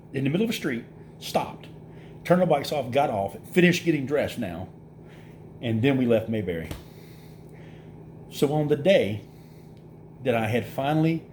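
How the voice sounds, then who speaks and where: Animated man telling a story. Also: medium pitch, slight background noise. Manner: animated storyteller, acts out quoted voices, laughs through it. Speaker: vlogger. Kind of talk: casual storytelling.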